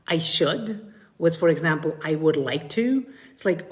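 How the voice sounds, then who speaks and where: A middle-aged woman talks to mothers on a live stream as their coach. Her voice sits a little low, but it jumps sharply upward when she acts out a feeling. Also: moderate pace. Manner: animated, swoops high when acting out feelings. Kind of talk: live-streamed talk to viewers.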